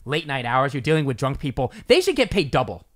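A man's voice: mid-range voice, fast talker. A man in casual chat who jokes around and fires questions at his friends. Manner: joking, animated, asks questions.

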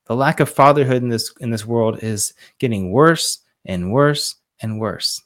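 A man's voice: medium pitch, measured pace. A man in his forties speaking as a podcast guest, an earnest fatherhood coach who tells stories emotionally and acts out what others said. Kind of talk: casual interview storytelling.

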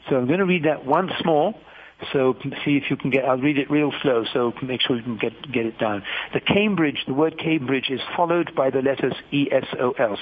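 Male radio host, slow halting delivery, husky voice, thin phone-like broadcast sound. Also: mid-range voice. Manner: slow, halting, spells things out carefully. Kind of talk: radio call-in announcements.

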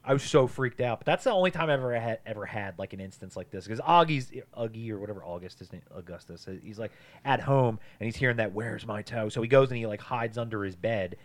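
A young adult man with a lowish voice tells a story on a casual podcast. He rambles and piles on fillers and swear words as he goes. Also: animated, quick pace, hardly any pauses. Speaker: podcast co-host. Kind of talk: casual chat.

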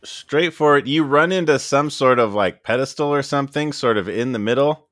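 A man's voice: mid-range voice, normal speed, a bit bright, dry recording. A man narrating as game master of a tabletop game, loose and casual with plenty of fillers.

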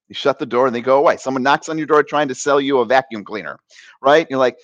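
An animated man talking as a coach in an interview, often slipping into the voices of people he quotes. His pitch sits in the middle range. The sound is dry and close, with no room echo. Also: fast talker. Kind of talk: conversational interview.

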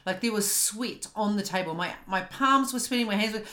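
A woman in her fifties with a New Zealand accent, a podcast host and coach telling a personal story in a fast, animated, frank way. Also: medium pitch, reverberant. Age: 50s.

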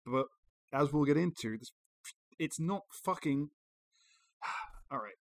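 A man's voice: on the high side, expressive, takes it slowly, no room sound, low-quality recording. A man co-hosting a podcast, reading an article aloud and adding sarcastic, profane commentary. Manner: sarcastic, swears freely. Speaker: podcast co-host.

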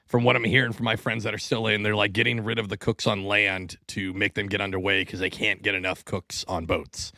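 A man's voice: on the low side, little pitch movement, fairly quick, gravelly, hardly any pauses, bright, forceful tone, dry recording. Profane, ranting male podcast host. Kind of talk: casual podcast banter.

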